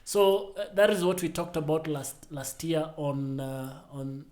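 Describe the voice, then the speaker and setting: A young man co-hosting a podcast in casual chat, animated and teasing, often trailing off and restarting. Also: on the high side, a little slow. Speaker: podcast co-host.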